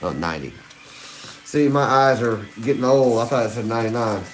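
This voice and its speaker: A man, hosting a live stream and chatting excitedly with viewers. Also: mid-range voice, fairly quick, faint music behind. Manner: excitable, giddy, chats to viewers. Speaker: livestream host hunting coins. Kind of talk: casual live-stream chat.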